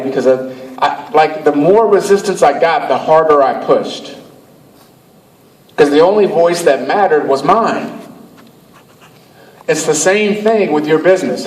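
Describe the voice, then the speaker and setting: A man's voice: fairly high pitch, measured pace. A man from Cleveland, Ohio giving a motivational speech to an audience, emphatic and storytelling, repeating his phrases. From Cleveland, Ohio, USA. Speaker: motivational speaker. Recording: echoey, far from the mic.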